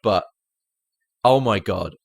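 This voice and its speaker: Low-voiced man chatting films. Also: slow pace, gravelly, dry recording, clean studio sound. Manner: chatty, retells scenes with acted-out quotes. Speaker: podcast co-host. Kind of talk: casual film-review chat.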